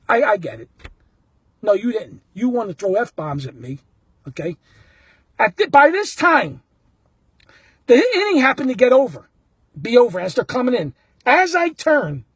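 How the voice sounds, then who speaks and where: A man recounts a story in a blunt, casual way. His voice is husky, and his pitch swings widely as he acts out each exchange. The sound is dry and close. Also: no echo. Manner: animated, blunt, acts out the quotes. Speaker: baseball fan telling a story.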